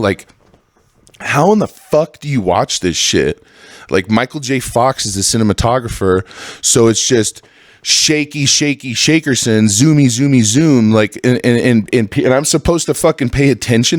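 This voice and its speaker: A man in his thirties hosting a solo podcast, ranting with constant swearing and jumping into high, exasperated outbursts. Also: dry recording, clean studio sound. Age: 30s. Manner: profane, ranting, swings into high exasperated bursts. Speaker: podcast host.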